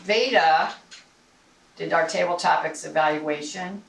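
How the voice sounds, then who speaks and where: A woman's voice: sits low, measured pace, vocal fry. A woman giving the general evaluator's report at a speaking club meeting, chatty, with many restarts and fillers. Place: meeting room. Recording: roomy, distant mic with faint noise.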